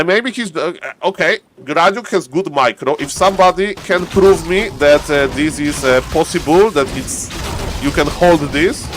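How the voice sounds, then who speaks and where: A man with a non-native English accent giving casual, joking live-stream commentary on a strategy game, getting loud and excited at key plays. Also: fairly high pitch, slight background noise. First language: not English. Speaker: game caster.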